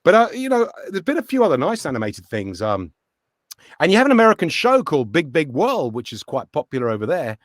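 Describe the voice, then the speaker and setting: This middle-aged actor and voice actor has a voice on the high side and a brisk pace, recorded cleanly in a studio with no echo. As a casual interview guest, he tells stories with energy and acts out the voices.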